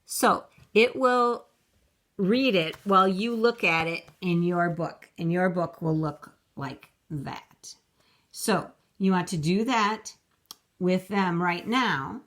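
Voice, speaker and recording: A woman teaching young children phonics from home, slowly sounding out words letter by letter for her camera. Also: lowish voice, fairly bright tone. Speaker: kindergarten teacher. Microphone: computer camera mic.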